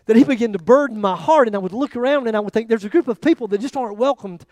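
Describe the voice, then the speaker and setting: Guy preaching, high voice, dry close sound, swings loud then real quiet. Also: rapid-fire, dry recording. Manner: animated storytelling, voice rising and dropping to near quiet. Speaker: pastor. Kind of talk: sermon.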